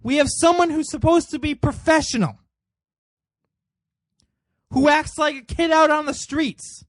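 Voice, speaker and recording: A man's voice: very high voice, unhurried, no room sound. A man hosting a political commentary show, delivering an indignant monologue full of rhetorical questions.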